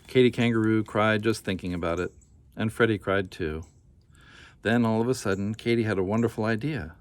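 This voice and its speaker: A man reading a children's picture book aloud in a gentle, unhurried way, with casual asides. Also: lowish voice.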